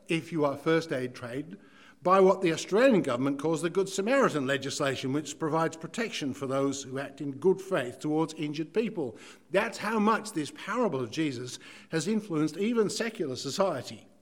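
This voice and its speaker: A preacher with a voice a touch on the high side, delivering a sermon with theatrical flair. He swings from forceful emphasis down to quiet, near-whispered asides. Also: animated, moderate pace. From Ireland. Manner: dramatic, shifts between loud emphasis and hushed asides.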